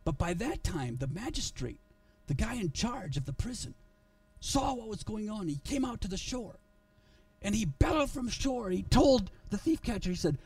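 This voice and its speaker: Telling a story in his sermon, a male pastor speaks earnestly and expressively at a normal speed, frequently restarting phrases. His voice is slightly high, gravelly yet mellow, picked up from a distance in the sanctuary with no echo and faint music behind.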